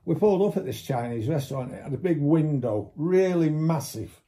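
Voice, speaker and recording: A man with a dark, mellow voice spins a rambling road-trip anecdote in easy conversation. He swears often and slips into the voices of the people he quotes. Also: on the high side, expressive, a little fast. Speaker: storyteller. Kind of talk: casual anecdote.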